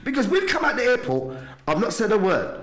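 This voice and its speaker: A man from England, a podcast guest, telling a lively story and often calling out to the audience. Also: sits high, brisk, reverberant. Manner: lively, exclaims to the audience, slips into quoted voices. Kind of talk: animated storytelling.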